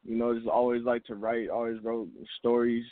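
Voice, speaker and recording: A man's voice: medium pitch, monotone, moderate pace, dry recording. A man calls in to a radio show and answers questions as a hip hop artist. He is laid-back and polite, with plenty of fillers, and his voice sits in the middle range. The line is dry and thin, like a phone call. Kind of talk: phone-in interview.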